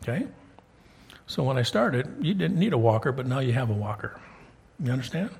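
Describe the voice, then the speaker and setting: In the church sanctuary, a middle-aged pastor preaches with a medium-pitched, darkish voice that is husky and breathy, very animated, and brisk. He addresses the congregation conversationally and rises with emphasis to hammer key points home.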